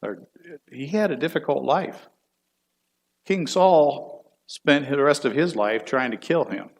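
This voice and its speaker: A man's voice: mid-range voice, slow, gravelly. A middle-aged man, a church elder, teaching a Bible class in a folksy, chatty way and putting questions to the class.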